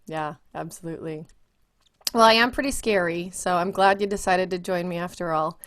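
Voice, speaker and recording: A woman's voice: lowish voice, normal speed, fairly bright tone. A woman hosting a business podcast, chatting with her guest in an affirming, conversational way with light humor. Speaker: podcast host, attorney. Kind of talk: interview chat.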